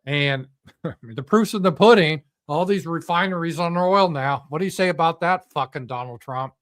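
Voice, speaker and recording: A middle-aged man hosts a live political commentary stream, talking off the cuff with profanity, sarcasm and mockery, and lots of fillers. His voice is a little high and a bit bright, at a moderate pace.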